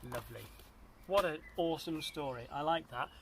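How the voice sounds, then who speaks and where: A man, a primary school teacher, reading a picture book aloud to a child in a gentle, expressive way and asking the child questions as he goes. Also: a little high, moderate pace, background noise.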